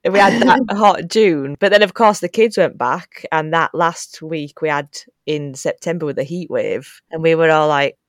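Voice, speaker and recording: A woman's voice: low voice, normal speed, hardly any pauses, no room sound, clean studio sound. A woman with a Yorkshire accent hosting a podcast in casual chat, agreeable and asking questions. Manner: chatty, agreeable, asks questions.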